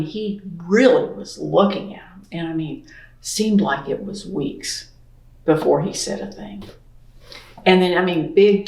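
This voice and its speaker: Earnest middle-aged woman telling her story. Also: fairly low pitch. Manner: earnest, many "I mean" asides, acts out quoted speech. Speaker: interview guest, painter. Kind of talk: personal storytelling in an interview. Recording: roomy echo.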